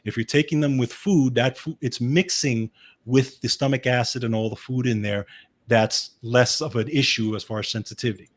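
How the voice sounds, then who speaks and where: A man's voice: mid-range voice, fairly even intonation, moderate pace. A man with a Brooklyn accent, a health and wellness specialist explaining supplements in a casual chat. He talks in an explanatory way, often adding "okay" and restarting his sentences.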